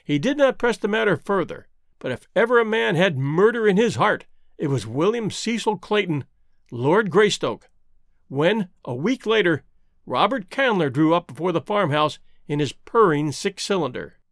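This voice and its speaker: A man narrating a classic novel as an audiobook in a measured, expressive reading. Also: high voice, no echo, studio quality.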